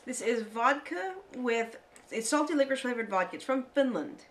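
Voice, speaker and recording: A woman from the United States co-hosting a casual chat, playful and chatty and quick to laugh. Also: on the high side, lively intonation, a bit bright. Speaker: co-host.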